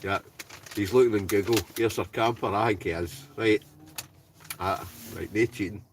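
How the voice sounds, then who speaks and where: Deep-voiced Ayrshire Scottish man hosting a live quiz. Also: normal speed, distant mic, a little hiss or hum. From Scotland. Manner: jokey, chatty, laughs often, talks straight to viewers. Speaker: live-stream host. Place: inside a tent with a stove.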